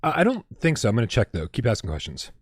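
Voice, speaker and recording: A man co-hosting a casual livestream chat, talking with excitable energy and swearing freely. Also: on the low side, fast talker, slightly rough, dry recording, clean studio sound. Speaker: podcast co-host.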